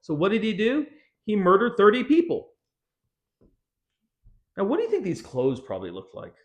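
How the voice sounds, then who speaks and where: A man's voice: sits high, huge pitch swings, moderate pace. A man pastor teaching a casual Bible study, conversational with joking, sarcastic asides.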